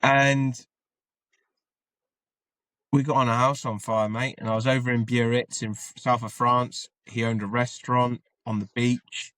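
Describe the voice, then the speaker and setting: A man's voice: mid-range voice, level tone, unhurried, fairly bright tone, dry recording. A man, an army veteran and podcast guest, telling his story in a rambling, casual way and swearing freely.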